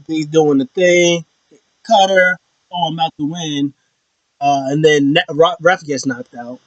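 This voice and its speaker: A young man recapping wrestling in a loose, slangy vlog style. His voice sits a little high, and he breaks into pitched-up imitations of the wrestlers. The sound is dry and close, with no room around it. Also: normal speed, dry recording. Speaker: wrestling show reviewer. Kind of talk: casual opinion vlog.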